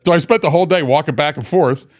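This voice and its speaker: His voice is a little high and he talks fast: a man in his fifties, a company vice president, casually storytelling during a podcast interview. The delivery rambles with lots of fillers and restarts, picking up energy on quotes.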